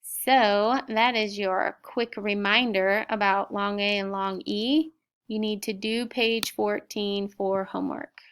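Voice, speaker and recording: Middle-aged woman teacher, smooth and deliberate, sounds out each word for a recorded class lesson. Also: medium pitch, steady tone, a bit bright. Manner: slow, clear word-by-word sounding out. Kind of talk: recorded spelling and vocabulary lesson.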